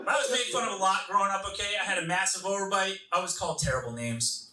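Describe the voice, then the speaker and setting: A man in his thirties doing a stand-up comedy set, animated and leaping into high voices to quote others, with audience laughter behind him. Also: quick pace, recorded from a distance, over a noisy crowd. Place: comedy club stage. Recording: roomy stage sound from off-mic.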